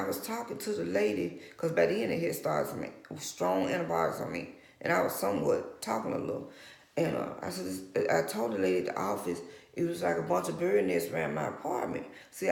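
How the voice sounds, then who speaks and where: Older woman, gravelly voice, lively and a bit high, rambling testimony, echoey room. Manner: rambling, candid storytelling with quoted dialogue. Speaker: vlogger giving a testimony. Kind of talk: personal testimony, casual talk. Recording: roomy echo.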